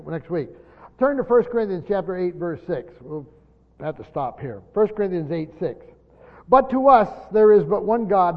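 A man teaching a Bible study to a group, stressing key words loudly and then dropping to quiet asides. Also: high-pitched. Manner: emphatic, swinging between loud stresses and quiet asides. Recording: dull lo-fi sound in a large echoing hall.

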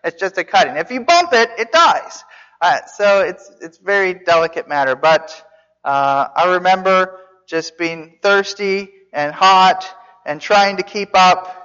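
A man's voice: high-pitched, expressive, unhurried, bright, forceful tone, clean tone. A man teaching a Bible sermon as a pastor, conversational, asking his listeners questions with some restarts. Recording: dull sound in a reverberant hall.

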